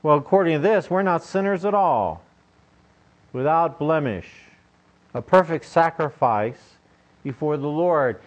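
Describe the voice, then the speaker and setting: Joking and conversational, an older pastor delivers a sermon and frequently asks his audience questions. His voice is on the high side, animated and a little slow, and the recording is dull and lo-fi.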